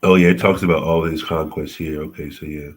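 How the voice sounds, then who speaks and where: A man hosting a casual livestream history lesson, halting and often correcting himself. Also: a bass voice, steady tone, husky. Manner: halting, frequent self-corrections and apologies. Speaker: host teaching history on a livestream.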